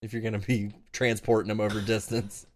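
A man's voice: lowish voice, flat delivery, brisk, a loud crowd. A man co-hosting a podcast, teasing and laughing a lot in crude banter. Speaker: podcast co-host.

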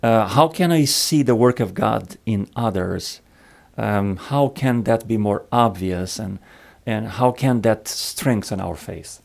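A man talking slowly and reflectively about a Bible passage, pausing often with fillers. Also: fairly low pitch, gravelly. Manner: slow and reflective, many pauses and fillers. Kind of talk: Bible study discussion.

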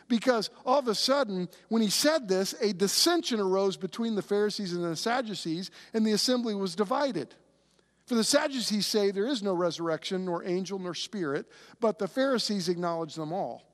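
Man, pastor, high voice, conversational sermon, lots of restarts, acts out voices. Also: fairly quick.

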